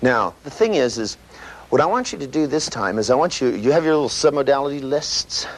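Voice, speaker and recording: A man giving a live seminar lecture, animated and profane, full of "you know" and "right", acting out sounds with his voice. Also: medium pitch, fairly quick. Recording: noisy old tape recording with clicks.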